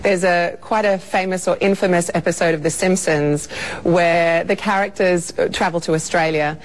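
A woman's voice: lowish voice, steady tone, normal speed. A woman, a voice lecturer, giving interview answers and explaining how speech sounds are made.

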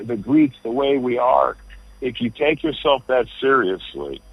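A man's voice: mid-range voice, breathy edge, dry recording. A man, a comedian guest, telling rambling stories over the phone from an airport. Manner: rambling, full of restarts and storytelling. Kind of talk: phone interview chat. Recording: dull, dry phone line.

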